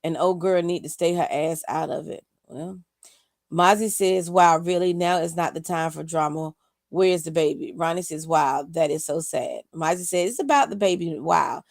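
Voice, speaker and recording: A woman's voice: deep voice, moderate pace, creaky, dry recording. A woman co-hosting a live talk stream, reading viewer comments aloud and adding dry, sassy asides.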